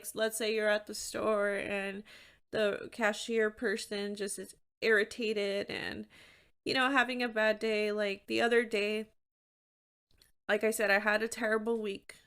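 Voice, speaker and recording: A woman's voice: fairly high pitch, a bit bright. A woman hosting her own podcast, talking candidly and conversationally on her own with frequent "like" fillers. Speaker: podcast host. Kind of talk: solo podcast talk.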